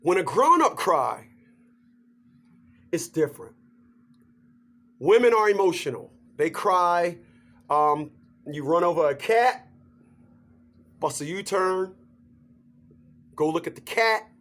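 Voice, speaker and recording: High-voiced man on a slow comic rant. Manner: animated, joking, laughs through his points. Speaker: vlogger. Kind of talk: comedic rant to camera.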